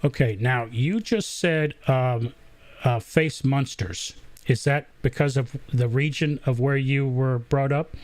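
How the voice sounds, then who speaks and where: A man's voice: mid-range voice, slow, darkish tone, dry recording. A middle-aged man hosting a casual live interview, joking and chatty with many fillers and restarts. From Southern US. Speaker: host.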